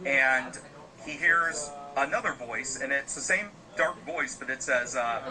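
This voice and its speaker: Rambling man telling a dark tale. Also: mid-range voice, slow pace, a crowd in the background, low-quality recording. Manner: loose, rambling, frequent fillers. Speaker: podcast host telling a story. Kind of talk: casual spoken storytelling.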